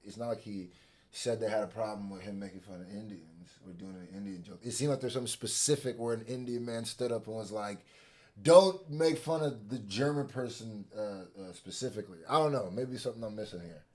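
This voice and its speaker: A man with a lowish voice chats in a relaxed way as he reacts to a clip, thinking out loud as he goes. His tone stays easy and conversational. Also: fast talker. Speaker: reaction video co-host. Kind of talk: casual reaction chat.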